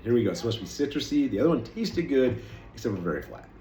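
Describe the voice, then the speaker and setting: A man's voice: mid-range voice, sing-song, very fast, over music. A man talking casually to his camera as he tastes snacks, rambling and chatty, poking fun at himself. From United States. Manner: rambling, chatty, self-deprecating. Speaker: vlogger. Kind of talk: casual food-tasting chat. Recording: echoey room with faint noise.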